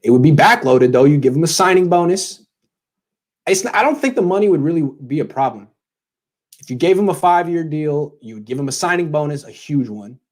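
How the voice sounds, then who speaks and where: A man's voice: on the high side, animated, a little fast. A man hosting a live sports Q&A, thinking aloud in a casual, conversational way with sarcastic asides. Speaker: sports podcast host answering viewer questions.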